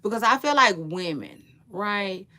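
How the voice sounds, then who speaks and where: A woman's voice: mid-range voice, expressive, measured pace, pushed and bright, slight background noise. A woman giving casual celebrity gossip commentary, chatty and slangy, rambling with frequent asides.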